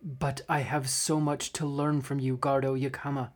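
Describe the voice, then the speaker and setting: Give me a man playing an earnest metal being with a steady, stammering voice. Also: mid-range voice, moderate pace, pitched below the performer's own voice, natural voice.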